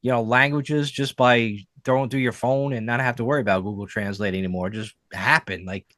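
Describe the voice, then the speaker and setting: A man's voice: medium pitch, brisk, dry recording. Casting: male podcast co-host, rambling, easygoing, dry close mic. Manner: rambling, lots of fillers, animated storytelling. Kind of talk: casual chat.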